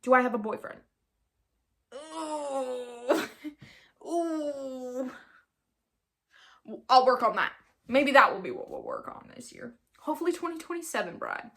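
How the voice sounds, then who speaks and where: A woman's voice: fairly high pitch, huge pitch swings, fast, creaky, fairly bright tone. A nineteen-year-old woman hosting her own podcast, chatting casually in a rambling, giggly, self-mocking way and putting on an accent now and then. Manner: puts on an accent in places. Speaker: podcast host. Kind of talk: casual solo podcast chat.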